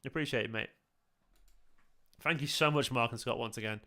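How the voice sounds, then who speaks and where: Casting note: man, live-stream host, tired but effusive, bright crisp voice, casual swearing. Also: mid-range voice, moderate pace. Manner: effusive, swears freely, thanks viewers by name. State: tired and emotional. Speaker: streamer hosting a football watchalong.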